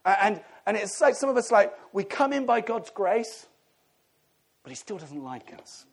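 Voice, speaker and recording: Lively, joking middle-aged pastor. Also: male voice, sits high, normal speed, vocal fry, husky. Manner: conversational, humorous, animated preaching. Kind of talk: sermon.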